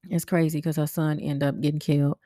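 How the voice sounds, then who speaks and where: A woman, telling personal stories as a podcast host in a blunt, animated way, swearing freely and jumping into sharp high exclamations. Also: fairly quick, no echo, clean studio sound. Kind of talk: casual storytelling monologue.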